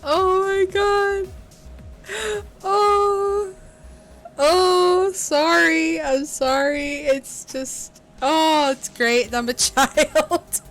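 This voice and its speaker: A woman's voice: very high voice, steady tone, drawn-out words, a bit bright, faint music behind. A young woman hosting a let's play, giggling hard as she gives casual gameplay commentary.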